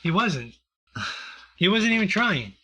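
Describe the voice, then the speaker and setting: A man's voice: high voice, big pitch swings, slow, sharp tone, slightly rough. A man co-hosting a comedy podcast, rambling through a movie recap in casual, profane chat full of fillers. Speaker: podcast co-host.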